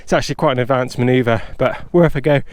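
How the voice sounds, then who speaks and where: A man's voice: medium pitch, quick pace, a little mellow, no echo. A man riding outdoors in town, talking through each riding move step by step and encouraging viewers. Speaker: riding skills presenter. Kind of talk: instructional talk while riding.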